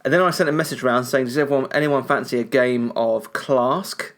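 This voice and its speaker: A man co-hosting a podcast after a few drinks, his words a touch slurred. He rambles loosely and chattily in an ordinary middle-pitched voice. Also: fairly quick. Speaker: podcast co-host. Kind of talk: casual podcast chat.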